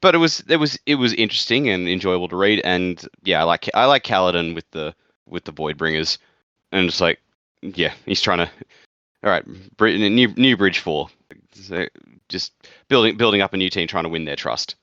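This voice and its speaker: A man's voice: low voice, animated, normal speed, sharp tone, dry recording, muffled recording. A man co-hosting a casual book podcast, talking bluntly, swearing freely and laughing often. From outside the United States. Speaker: podcast co-host. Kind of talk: casual book-club chat.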